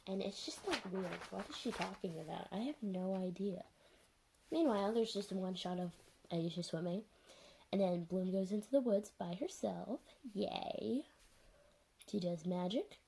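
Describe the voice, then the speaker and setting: A woman's voice: mid-range voice, measured pace, creaky, warm tone, breathy edge, low-quality recording. A young woman giving a sarcastic, chatty recap and commentary on a show, full of "like" and "anyways". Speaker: video reviewer.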